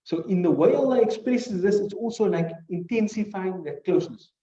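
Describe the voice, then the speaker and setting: A man's voice: sits high, animated, moderate pace, warm tone. Man teaching hadith, echoey room. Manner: explains word by word, asks rhetorical questions; recites classical Arabic phrases between English. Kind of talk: classroom lesson. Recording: muffled recording in echoey room.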